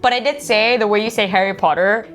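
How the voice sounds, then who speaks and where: A woman chatting casually, giggling often and filling her talk with "like". Her voice sits at an ordinary pitch, and faint music plays underneath. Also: fast talker, fairly bright tone. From Japan. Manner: giggly, lots of "like" fillers. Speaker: streamer guest. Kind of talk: casual chat.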